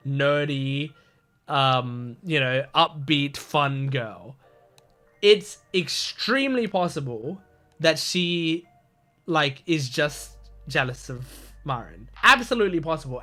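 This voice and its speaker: A man's voice: fairly high pitch, bright, forceful tone. A young man giving casual commentary on an anime episode, talking in an earnest, gushing, rambling way with many restarts. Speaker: anime reaction host.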